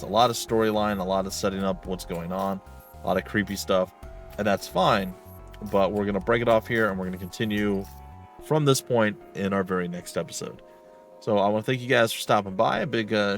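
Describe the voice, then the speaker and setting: A man hosting a let's play video, signing off in a relaxed, chatty way. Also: lowish voice. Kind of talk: casual gaming commentary.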